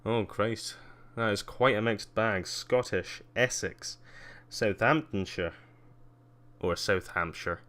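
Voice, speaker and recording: Male streamer, very low pitch, smooth resonant tone, loose and chatty with frequent fillers and dry asides. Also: slow, pushed and bright. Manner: rambling, many ums and uhs, wry asides. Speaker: livestreamer. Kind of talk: casual live-stream commentary giving a tour.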